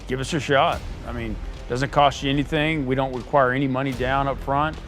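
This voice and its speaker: A middle-aged man, a company owner, giving an earnest interview pitch for his business and often repeating words as he restarts. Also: steady tone, brisk, a bit bright, soft background music. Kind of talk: promotional interview talk.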